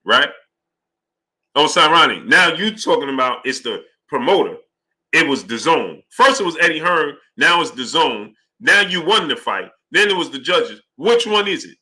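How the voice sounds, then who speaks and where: A man's voice: fairly high pitch, normal speed. A man hosting a live boxing talk stream, arguing heatedly and greeting viewers by name. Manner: animated and heated, greets chat names.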